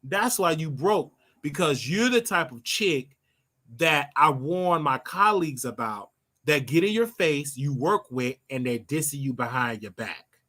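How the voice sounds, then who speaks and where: A man's voice: on the high side, expressive, measured pace, pushed and bright. An older man hosting his own show, giving a brash, scolding commentary monologue and drawing out words for emphasis. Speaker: show host.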